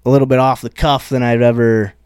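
A man's voice: mid-range voice, level tone, fast, darkish tone, clear, resonant tone, no echo, studio quality. A man, a stand-up comedian, telling a rambling, profane story in casual chat.

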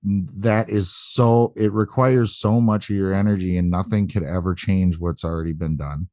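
A man's voice: low voice, steady tone, moderate pace, darkish tone, no room sound, studio quality. A man co-hosting a podcast, chatting casually and supportively, joking and swearing now and then. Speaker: podcast co-host. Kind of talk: casual interview chat.

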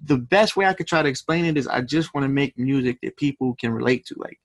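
A man's voice: medium pitch, quick pace, dry recording. A young man, a rapper guest, telling stories in a laid-back, profane, slangy way during a casual interview.

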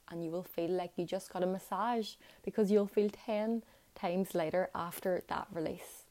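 A young woman speaks in a low, mellow voice, earnest and reassuring as she shares reflections with her viewers. Her talk is loose and casual, often leaning on "like" as she encourages the listener to keep going. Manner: earnest and encouraging, with many "like" fillers. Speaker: vlogger. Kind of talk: reflective motivational talk to camera.

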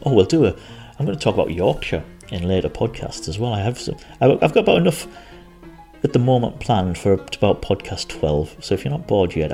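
A man with a very low voice hosts his podcast solo, chatting along in a rambling, easygoing way. A soft bed of music sits faintly underneath. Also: creaky. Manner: chatty, rambling, self-deprecating. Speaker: podcast host.

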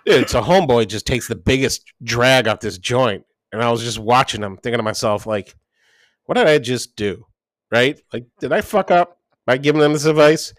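In a casual storytelling chat, a podcast co-host spins long stories packed with "like" and quoted dialogue, swearing freely. His voice is medium in pitch, his pace moderate, and there's no echo.

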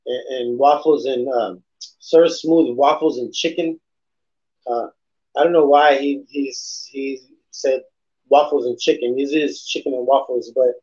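A man's voice: mid-range voice, darkish tone. A male host chats loosely through a morning podcast, drifting between topics with slang and swearing. He is recorded in a room at home, and the sound is dull and lo-fi. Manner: rambling and laid-back, peppered with slang and swearing. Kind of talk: casual morning show chat.

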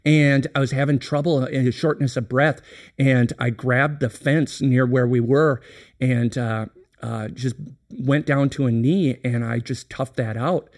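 A man's voice: mid-range voice, fairly even intonation, unhurried. A middle-aged man talking candidly on a business podcast, telling a reflective, earnest story with many restarts. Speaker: company president, podcast guest.

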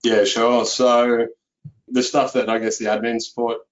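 An accountant speaking as a guest in a relaxed interview, filling his speech with "you know". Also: mid-range voice, measured pace, highs cut off. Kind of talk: conversational interview.

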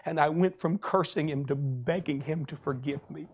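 A man with a high voice preaches a sermon. He retells another man's testimony and then climbs into loud, shouted praise. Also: moderate pace, few pauses, husky.

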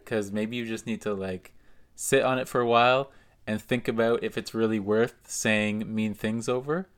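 A man's voice: on the low side, fairly even intonation, moderate pace, clear, resonant tone. A man co-hosting a podcast, explaining his view in a laid-back, reasoned way. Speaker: podcast co-host. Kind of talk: casual podcast chat.

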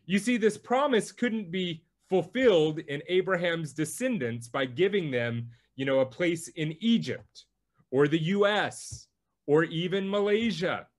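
A male pastor preaching a sermon, teaching through a Bible passage with slow, emphatic delivery. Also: fairly high pitch, lively intonation.

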